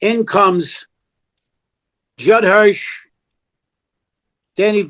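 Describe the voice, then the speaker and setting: An older man, telling a story as a podcast guest, animated and blunt, acting out the dialogue of the people in it. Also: high-pitched, drawn-out words. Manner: animated, acts out quoted dialogue, blunt and profane. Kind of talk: casual storytelling.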